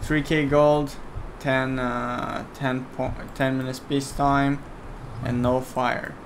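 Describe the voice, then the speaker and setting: A man's voice: mid-range voice, little pitch movement, slow pace, background noise. A man whose first language is Romanian, casually commentating a strategy game match with a friend, chatty and getting heated when he argues.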